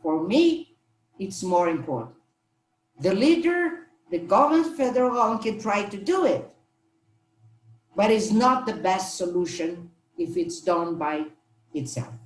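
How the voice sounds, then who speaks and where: Slow, earnest woman panelist. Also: mid-range voice, very animated, echoey room. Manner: slow, earnest, halting with restarts. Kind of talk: panel discussion answer.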